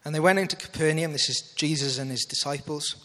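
A man's voice: on the high side, fast talker, fairly bright tone, big-room sound. A man preaching a sermon in an earnest manner, checking that listeners follow and reading scripture aloud. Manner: earnest, asks audience to follow along.

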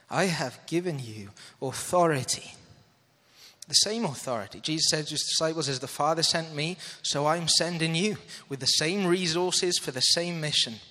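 Male preacher, earnest and bright, slightly high voice, hall reverb. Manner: earnest, asks audience to follow along. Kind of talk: sermon.

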